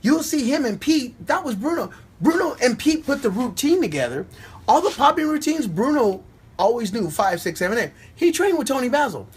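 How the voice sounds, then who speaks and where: A middle-aged man, a dancer, telling stories casually in an animated, excited way and acting out other people's voices. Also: extremely high pitch, normal speed, slightly rough. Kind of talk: casual storytelling.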